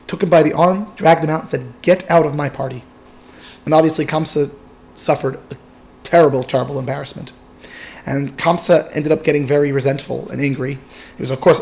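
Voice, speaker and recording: A man retells an old story as a Torah lesson in a loose, conversational way. He fills pauses with filler words and often restarts his sentences. His voice sits slightly higher than most men's. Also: gravelly, darkish tone. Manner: casual, lots of fillers and restarts. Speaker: Torah teacher.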